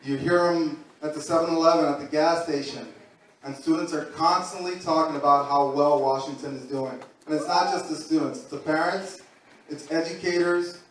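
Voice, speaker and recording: A man's voice: on the high side, steady tone, moderate pace, a little hiss or hum. A man, a school counselor, giving an earnest, supportive public comment at a school meeting. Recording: very echoey room, distant mic.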